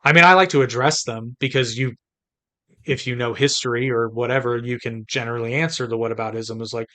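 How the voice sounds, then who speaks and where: A man's voice: medium pitch, steady tone, a little fast, sharp tone. A man from the United States co-hosting a podcast in casual chat, chatty and rambling with frequent restarts. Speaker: podcast co-host.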